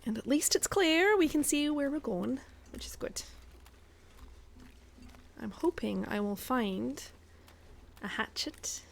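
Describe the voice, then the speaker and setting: Gravelly woman streamer in a put-on Scottish accent. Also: high voice, lively intonation, a little slow, pauses often. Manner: chatty, self-mocking, thinking aloud. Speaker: guest streamer. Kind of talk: casual gameplay commentary. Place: home.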